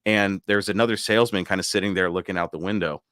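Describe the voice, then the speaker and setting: Brief: low-pitched male host, chatty storyteller, dry close sound, laughs often. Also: fairly even intonation, fast talker, a bit bright, smooth, no echo. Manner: laughs through stories, acts out quoted voices. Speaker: podcast host. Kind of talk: casual storytelling chat.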